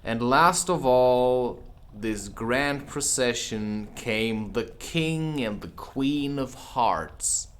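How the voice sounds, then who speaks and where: A man's voice: mid-range voice, a little hiss or hum. A man reading a children's classic aloud as an audiobook, with casual asides. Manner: unhurried, expressive, drops in casual asides. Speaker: audiobook reader. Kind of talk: audiobook narration.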